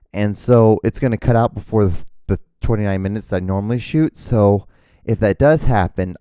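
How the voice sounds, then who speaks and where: A man hosting his own podcast, rambling excitedly about gear with lots of fillers and restarts, out of breath. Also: fairly low pitch, clear, resonant tone, no room sound, studio quality. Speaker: host. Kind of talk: casual solo podcast rambling. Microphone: camera mic, speaking to camera.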